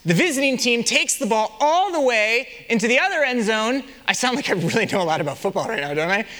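Lively, bright-voiced young male preacher. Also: extremely high pitch, fast talker, in a large hall. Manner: animated storytelling with rhetorical questions. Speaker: pastor. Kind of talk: sermon.

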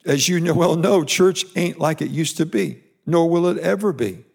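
Pastor, male, gravelly and slightly high-pitched, emphatic preaching with repetition. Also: moderate pace, a little mellow. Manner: emphatic preaching with repeated phrases. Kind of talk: sermon. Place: church or broadcast sermon to online viewers.

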